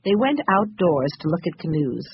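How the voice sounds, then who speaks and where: A narrator reading a children's storybook aloud, clear and expressive. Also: mid-range voice, moderate pace, highs cut off, a little hiss or hum. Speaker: audiobook narrator.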